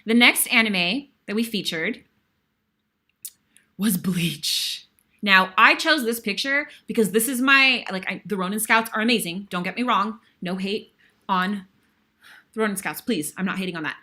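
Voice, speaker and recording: Bright-voiced woman retelling a stage memory. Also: medium pitch, a little slow. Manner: emotional, breathless retelling with sighs. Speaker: guest host. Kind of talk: animated storytelling.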